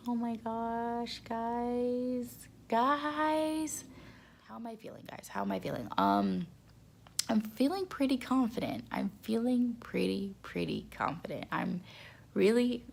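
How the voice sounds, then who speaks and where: A young woman talks casually to her camera, excitable and repeating herself for emphasis. Her nose is stuffed up, and her voice crackles with heavy vocal fry. Her pitch leaps around animatedly. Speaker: vlogger.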